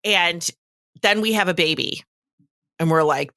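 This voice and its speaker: A woman co-hosts a podcast, talking bluntly and casually and swearing without hesitation. Her voice is low for a woman yet bright and forceful, and it is recorded close and dry. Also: unhurried, no room sound. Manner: frank and casual, swears freely. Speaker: podcast co-host. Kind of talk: casual chat.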